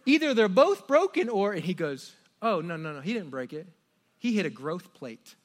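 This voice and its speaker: A middle-aged man preaching a sermon, telling a family story with animated swings from hushed asides to loud exclamations. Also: high voice, normal speed. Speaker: pastor.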